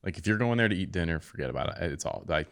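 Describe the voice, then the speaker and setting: Low-voiced man telling animated stories. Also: racing. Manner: animated storyteller, acts out quotes with sudden high-pitched outbursts. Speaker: podcast host. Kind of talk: casual chat.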